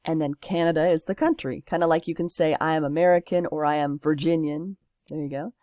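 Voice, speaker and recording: A woman's voice: sits low, steady tone, brisk, dark tone, no echo, studio quality. Patient woman teaching a French lesson. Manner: patient, explains step by step with examples. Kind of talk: recorded classroom lesson.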